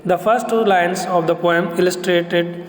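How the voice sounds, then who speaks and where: A man giving a recorded literature lecture to students, explaining each point slowly and deliberately. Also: high-pitched, steady tone. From India. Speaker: English lecturer. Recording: echoey roomy recording.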